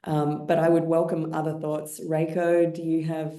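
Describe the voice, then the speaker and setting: A woman presenting in a webinar and calmly inviting others into the discussion. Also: low voice, echoey room. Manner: measured, invites others to speak. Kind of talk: moderating a discussion.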